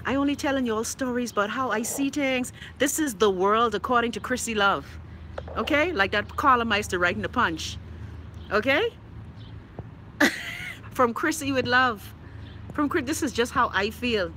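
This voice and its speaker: A Bahamian woman chats casually on a live stream in her Bahamian accent, reading viewer comments in an outspoken, sassy, profane way and laughing often. Her voice is on the high side, bright and forceful, at a moderate pace with frequent pauses, over slight background noise.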